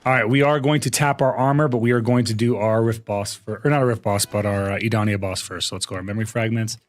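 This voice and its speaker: A man's voice: on the low side, steady tone, fast, no room sound. A man streaming a game live, chatting casually with his viewers, rambling with many fillers and restarts. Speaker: gaming streamer.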